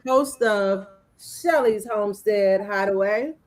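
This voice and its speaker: A woman with a mid-pitched voice talks slowly and easily on a gardening livestream. She chats casually with the other hosts and chuckles now and then. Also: darkish tone. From Maryland. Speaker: livestream co-host. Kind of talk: casual chat.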